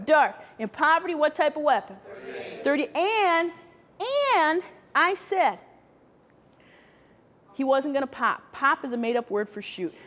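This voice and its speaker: A woman presenter runs a workshop training session, explaining her points step by step and asking the audience questions. Her voice is high for a woman and a bit bright, with a hall's long reverb lingering behind her.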